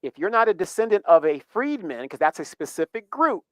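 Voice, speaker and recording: A man's voice: sits high, very animated, fairly quick, no room sound, rough recording. A man hosting a casual livestream, giving rambling, emphatic commentary that rises into heated questions. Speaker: livestream host.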